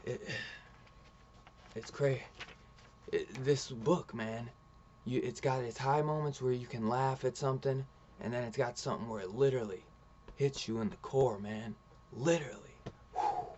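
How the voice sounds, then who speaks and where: A man's voice: mid-range voice, steady tone, measured pace, pauses often, a little mellow, highs cut off, a little hiss or hum. A man casually reviewing a comic book, rambling through the story and retelling it with lots of "he's like" quotes.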